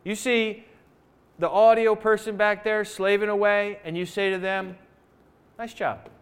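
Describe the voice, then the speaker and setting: A man's voice: high voice, level tone, measured pace, clean tone. A male pastor preaching a sermon in a church, conversational, with rhetorical questions and asides to the congregation. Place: church sanctuary.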